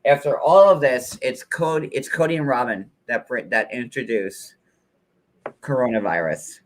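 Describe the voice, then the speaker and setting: A man hosting a casual gossip chat, telling stories in an animated, theatrical, campy way. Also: medium pitch, normal speed. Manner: animated, camp, theatrical storytelling. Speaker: show host.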